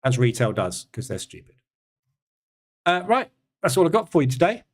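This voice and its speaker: A man's voice: mid-range voice, big pitch swings, normal speed. An English man hosting a live trading session, chatting casually as he answers viewers' questions and reads charts aloud. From England. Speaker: trading room host.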